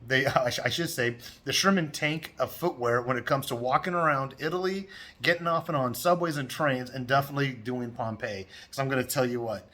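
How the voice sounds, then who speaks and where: A middle-aged man talks to his camera from a hotel room in a loose, chatty vlog style. His voice sits at an everyday pitch, and he tells his stories at length, getting louder and more worked up when he replays an argument. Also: a little fast. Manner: chatty storyteller, rising loud when retelling the quarrel. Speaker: travel vlogger. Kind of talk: casual vlog chat.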